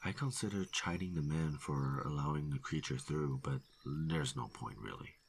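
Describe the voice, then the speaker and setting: A man narrating a first-person horror story in a steady, low-key delivery. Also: moderate pace, gravelly, slight background noise.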